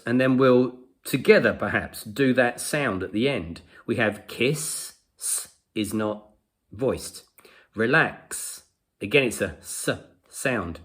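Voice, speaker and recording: Man, English teacher, slow unhurried delivery, patient, mid pitch. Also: a bit bright. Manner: patient, demonstrates sounds slowly and repeats them. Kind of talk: slow explanatory lesson to camera.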